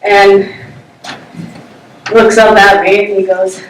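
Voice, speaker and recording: A woman's voice: mid-range voice, flat delivery, slow pace, a little hiss or hum. Brief: woman storyteller, casual and self-mocking, picked up from a distance on stage. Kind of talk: live personal storytelling. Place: live stage before an audience. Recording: roomy sound from a distant mic.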